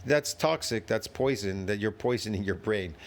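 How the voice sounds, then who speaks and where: A man's voice: fairly low pitch, moderate pace. A man reacting to a video with a long, emphatic rant full of repeated phrases and rhetorical questions. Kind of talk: ranting commentary.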